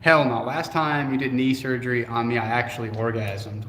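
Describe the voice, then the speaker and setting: On a casual livestream, a male co-host reads viewer comments aloud and answers them in a joking, laid-back way, swearing casually. His voice sits at medium pitch with a fairly bright tone, and he sounds animated and brisk. The room is echoey, with faint noise in the background.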